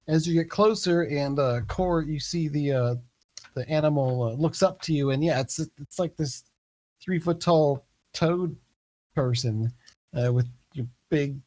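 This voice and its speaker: A man narrating a tabletop game as game master, relaxed and hesitant with many fillers. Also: a little high, a little slow.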